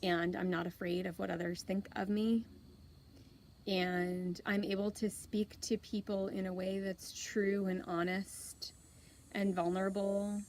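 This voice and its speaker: A woman in her thirties, hosting, telling a personal story in an open, earnest, unhurried way with soft pauses. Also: mid-range voice, level tone, a little hiss or hum, poor audio. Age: 30s. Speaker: host.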